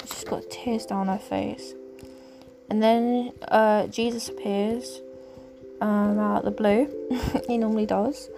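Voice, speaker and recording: A woman's voice: medium pitch, level tone, slow. Chatty woman over background music. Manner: rambling, hesitant with many ums. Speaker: podcast host. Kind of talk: casual faith podcast monologue. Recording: music clearly underneath.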